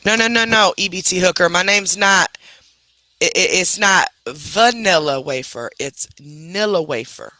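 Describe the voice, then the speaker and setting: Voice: medium pitch, fairly even intonation, moderate pace, bright, forceful tone, no room sound. A speaker chatting casually on a live stream, rambling and talking to their pets along the way.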